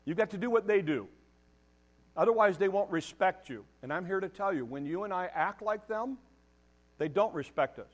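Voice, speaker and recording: A man's voice: sits high, lively intonation, normal speed. A middle-aged man preaching a sermon, emphatic and direct, challenging his listeners and repeating words as he builds each point. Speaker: pastor.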